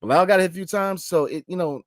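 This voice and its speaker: A man hosting a sports podcast late at night, reading listener comments and talking in an animated casual way, full of slang and repeated fillers. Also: high-pitched, fast, dry recording, clean studio sound. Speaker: podcast host.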